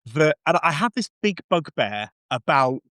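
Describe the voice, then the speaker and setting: Guy chatting on a podcast, kinda high voice, acts out quotes, dead dry mic. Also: moderate pace, no room sound. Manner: animated, acts out quoted lines in shifting voices. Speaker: podcast host. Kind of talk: casual podcast chat.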